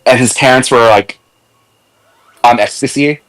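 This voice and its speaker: A young man chatting casually as a stream host, laughing often and acting out what others said in high voices. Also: a little slow, fairly bright tone, rough recording. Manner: laughs a lot, acts out quotes in high voices. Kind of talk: casual chat.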